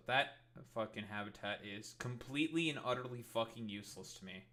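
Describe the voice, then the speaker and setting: A man's voice: mid-range voice, brisk, hardly any pauses, fairly bright tone. A young man streaming, chatting casually in a rambling, sarcastic way with lots of swearing. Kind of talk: casual live-stream commentary.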